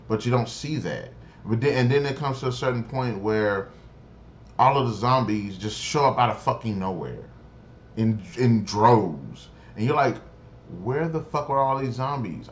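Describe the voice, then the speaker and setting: A man with a somewhat low voice rants through a casual episode review. He swears constantly, restarts his sentences and sounds openly exasperated. A faint hiss of noise sits under his voice. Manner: profane, exasperated and rambling. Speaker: show reviewer.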